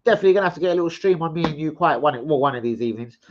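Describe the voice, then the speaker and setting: A man's voice: fairly high pitch, expressive, very fast, slight background noise. Sweary, rambling man hosting a stream. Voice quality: sweary, rambling, loud shout-outs. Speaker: live-stream host. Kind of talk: casual live-stream chat reading comments. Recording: slightly muffled stream audio.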